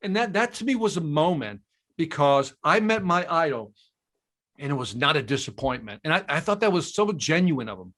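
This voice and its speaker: Animated, bright-voiced male storyteller. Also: fairly high pitch, moderate pace. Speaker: podcast guest, sales trainer. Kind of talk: storytelling in casual conversation.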